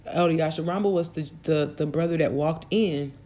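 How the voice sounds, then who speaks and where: A woman's voice: sits low, normal speed, mellow. Woman host, casual storyteller, rambling delivery with frequent fillers. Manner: rambling, full of fillers and restarts. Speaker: channel host.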